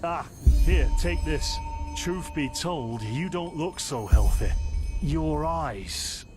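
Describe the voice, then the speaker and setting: Genial, wry apothecary. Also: male voice, on the high side, slow, over music. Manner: genial, dryly amused, lively. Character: friendly, wry male herbalist apothecary. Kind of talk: game voice acting.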